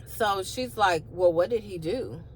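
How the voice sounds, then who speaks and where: A woman vlogger tells a personal story in an easy, chatty way, sitting in her car. Her voice sits at an ordinary middle pitch and jumps up in disbelief whenever she acts out the call. A faint hum runs underneath. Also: unhurried. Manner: animated retelling with rising, incredulous asides. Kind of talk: casual storytelling.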